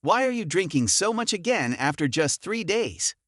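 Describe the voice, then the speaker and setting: A man performs the voice of a timid young woman, speaking nervously in a high register with big pitch swings. His pace is normal and his tone fairly bright, captured in a dry, clean studio recording.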